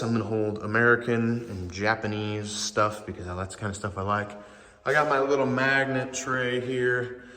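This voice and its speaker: A man's voice: medium pitch, sharp tone. A man talking casually as a vlogger, rambling and swearing offhandedly while showing around his garage. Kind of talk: casual vlog walkthrough. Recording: echoey garage with long reverb.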